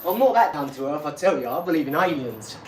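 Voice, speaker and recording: Middle-aged British male streamer, slightly raised pitch, blunt rambling delivery, faint background noise. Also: animated, fast talker. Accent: British English. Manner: rambling, blunt, swears freely, chats to viewers. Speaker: boxing livestream host. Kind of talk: casual livestream chat.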